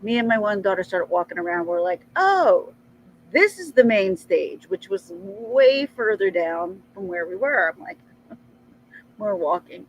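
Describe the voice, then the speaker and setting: A middle-aged woman telling a rambling personal story in a casual vlog, chatty and animated. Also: normal speed, poor audio. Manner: chatty, rambling, animated with frequent jumps in pitch. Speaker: vlogger.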